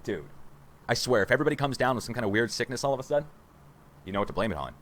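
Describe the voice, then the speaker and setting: Fast-talking excitable man in his forties. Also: mid-range voice. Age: 40s. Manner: excitable, conspiratorial, addresses viewers as guys. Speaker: livestream host. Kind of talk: rambling livestream commentary. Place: home room.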